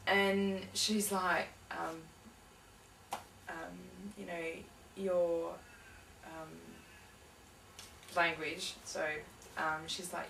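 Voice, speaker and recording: Young woman, lowish voice, halting casual interview talk, roomy distant mic. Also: level tone, creaky, fairly bright tone, slight background noise. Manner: hesitant, full of fillers and restarts. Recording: echoey room, mic from a distance.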